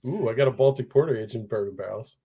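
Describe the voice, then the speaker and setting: A man's voice: mid-range voice, fast, husky, dull audio. A man appearing as a guest brewmaster, chatting casually and laughing as he talks. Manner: amused, laughing while talking. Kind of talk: casual chat.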